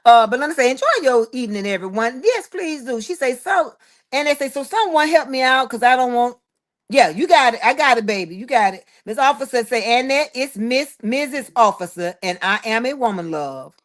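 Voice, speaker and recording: A woman's voice: fairly high pitch, lively intonation, a little fast. A woman hosting a live stream in casual chat, reading viewer comments aloud and calling listeners honey, child and boo. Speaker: livestream host.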